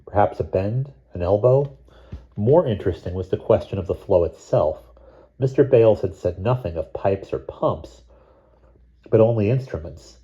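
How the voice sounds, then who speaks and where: A man reading a novel chapter aloud in a measured, steady narration. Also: lowish voice, lo-fi sound. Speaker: audiobook reader. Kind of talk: scripted narration.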